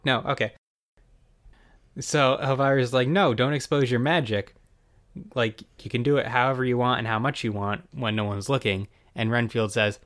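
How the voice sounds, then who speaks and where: A man's voice: mid-range voice, a bit bright. Wry male podcast host, casual recap delivery. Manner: wry, chatty, jumps into quick quoted voices.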